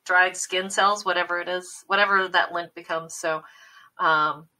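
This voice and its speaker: Bright-voiced chatty woman. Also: lowish voice, fairly even intonation, recorded from a distance, poor audio. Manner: frank, chatty, quick to laugh. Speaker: podcast co-host. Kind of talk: casual chat.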